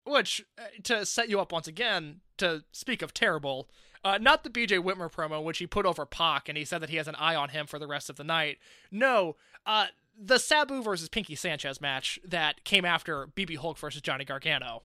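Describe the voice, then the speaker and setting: A man's voice: on the high side, lively intonation, brisk, bright, forceful tone, no room sound, studio quality. A man co-hosting a casual wrestling review podcast, opinionated and wry. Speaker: podcast co-host.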